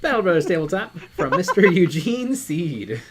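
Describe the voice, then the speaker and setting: Stream co-host, casual painting chat, reads chat aloud, lively swooping pitch, medium-pitched voice. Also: moderate pace, heavy background noise. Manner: chatty, reads out viewer comments and laughs often. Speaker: live stream co-host reading viewer chat.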